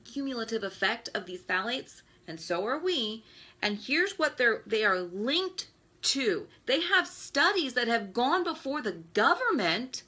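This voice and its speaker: A woman in her thirties hosts a Facebook Live stream, ranting in exasperation about everyday hazards. Her voice is medium in pitch with a sharp tone.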